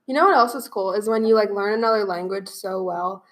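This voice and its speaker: A woman co-hosting a podcast, retelling things in a bubbly, animated way. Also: medium pitch, fairly quick. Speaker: podcast co-host. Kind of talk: casual chat.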